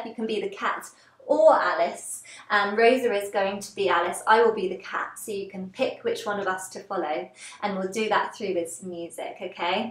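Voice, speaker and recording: A woman leading a gentle seated movement class, giving encouraging step-by-step cues. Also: medium pitch. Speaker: dance and movement instructor. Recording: roomy, echoey room.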